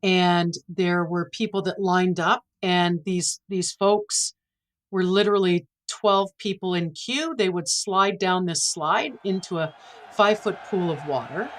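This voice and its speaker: On a low-quality recording, a woman in her forties tells a personal story as a podcast guest, performing the dialogue in an earnest, emotional way. Her pitch is fairly low and her tone fairly bright, and she takes her time.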